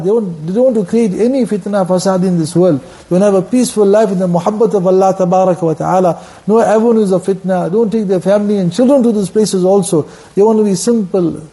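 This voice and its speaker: Fast, high-voiced man preaching a sermon. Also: mellow. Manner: impassioned storytelling, mixing English with Arabic phrases and Quranic recitation.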